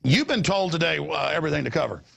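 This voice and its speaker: Gravelly, husky-voiced male host. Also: on the high side, fast. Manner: animated, stammering repeats, acts out quotes. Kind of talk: rambling on-air chat. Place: studio in Austin.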